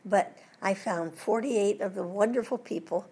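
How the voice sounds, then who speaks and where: At a normal speed and in a mid-range voice, this older voice actress shares anecdotes as an interview guest, putting on British accents for comic effect. Her tone is darkish and a touch rough.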